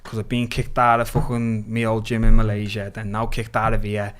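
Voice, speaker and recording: A man in his thirties from Liverpool with a Scouse accent, talking as a podcast guest in a blunt, animated way, swearing freely and calling people "lad". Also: fairly low pitch, a little fast, smooth. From Liverpool, England. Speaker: guest, mixed martial arts fighter. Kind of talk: casual podcast chat.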